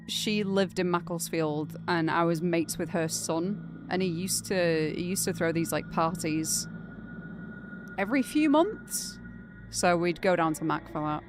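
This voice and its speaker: Chatty Northern English woman streamer. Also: on the low side. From Greater Manchester, England. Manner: rambling and chatty, with frequent fillers. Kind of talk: casual chat while live streaming.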